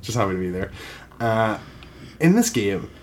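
A man with a fairly low voice riffs bluntly and casually. His speech is loose and rambling, full of filler words and swearing, like a co-host chatting about games and films. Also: very animated, normal speed, a little mellow, a little hiss or hum. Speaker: podcast co-host.

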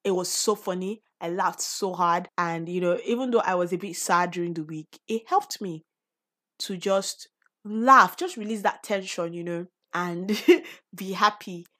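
A woman's voice: fairly low pitch, measured pace, sharp tone. A woman with a Nigerian accent hosting a personal podcast, speaking earnestly and encouragingly with sudden emphatic bursts. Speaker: podcast host.

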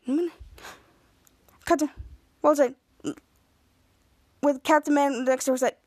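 A woman's voice: high voice, steady tone, normal speed, long pauses. A woman hosting a podcast, rambling through a recap of a TV episode and quoting the characters' lines with small voice changes. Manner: rambling retelling, quoting characters with small voice shifts and bits of sung melody. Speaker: podcast host.

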